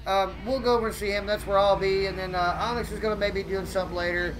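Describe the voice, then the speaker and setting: A man live-streaming a police game, joking loudly and thanking viewers by name. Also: sits high, fairly even intonation, fast, poor audio.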